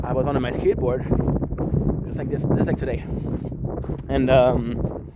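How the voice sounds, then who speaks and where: A man's voice: mid-range voice, moderate pace, long pauses, heavy background noise. A man talking casually to his camera while skateboarding outdoors in the snow, rambling and swearing as he reflects. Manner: rambling, profane, self-reflective. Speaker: vlogger. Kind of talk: casual vlog monologue. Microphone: handheld camera, self-filmed. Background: faint street ambience and passing cars.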